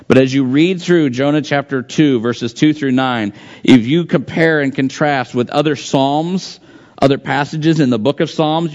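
A man preaching an expository sermon, repeating phrases and asking and answering his own rhetorical questions. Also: mid-range voice. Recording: dull lo-fi recording.

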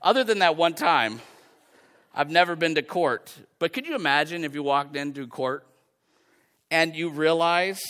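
A man's voice: a little high, fairly bright tone. A man preaching a sermon on a prophet's words, talking in a conversational way and slipping into quoted voices to make his point.

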